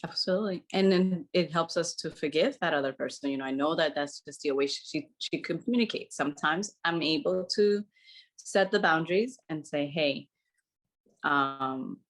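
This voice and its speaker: A woman with a low voice talks openly in a relaxed podcast chat. She is animated and laughs easily as she tells her stories. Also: fairly quick. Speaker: podcast co-host. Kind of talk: casual conversation.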